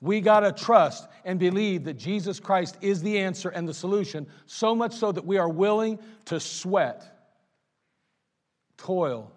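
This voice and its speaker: A man's voice: high-pitched, a little slow. A male pastor preaching a sermon, emphatic, with repeated phrases and a folksy storytelling manner. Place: church sanctuary. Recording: reverberant church hall.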